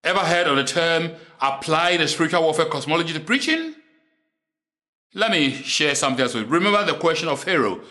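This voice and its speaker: A man preaching a sermon in English, which is not his first language. He is deliberate and repeats key lines for emphasis. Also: fairly high pitch, lively intonation, pushed and bright.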